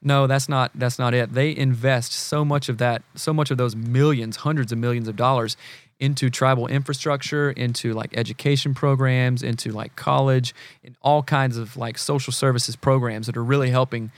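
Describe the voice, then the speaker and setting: A man's voice: medium pitch, fairly even intonation, normal speed, no room sound. A man from the American South, talking casually as a podcast guest, earnest and full of examples, fillers and restarts. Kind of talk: casual conversation.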